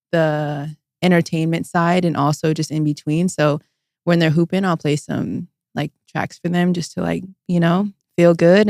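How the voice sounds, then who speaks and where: Young woman dj from vegas, low raspy fry voice, dry close mic, chatty and giggly. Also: a little mellow, no echo. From Las Vegas. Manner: bubbly, laughs often, says "like" a lot. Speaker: DJ guest. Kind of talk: casual interview chat.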